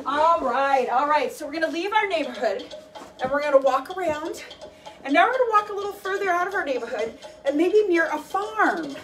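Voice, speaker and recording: A young adult woman leading an animal-themed workout class, chatty and encouraging, breaking into playful animal noises. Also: very high voice. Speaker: fitness instructor. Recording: voice from a distance with faint music. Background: faint workout music.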